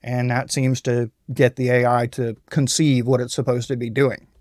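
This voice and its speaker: A man narrating a software tutorial voice-over in a plain, explanatory and self-deprecating way, recorded on a close mic. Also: mid-range voice, little pitch movement, moderate pace, no room sound. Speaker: tutorial host.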